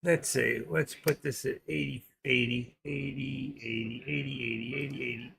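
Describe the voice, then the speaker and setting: Gravelly New York man rambling. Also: medium pitch, steady tone, measured pace, a crowd in the background. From Queens, New York. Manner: rambling, joking, thinking aloud. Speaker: stock trading livestream host. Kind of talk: casual livestream chat.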